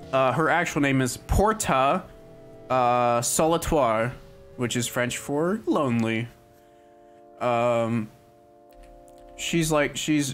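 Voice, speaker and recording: A young man chatting casually on a livestream, rambling with lots of "like" and "um" fillers. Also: medium pitch. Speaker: streamer. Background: faint music.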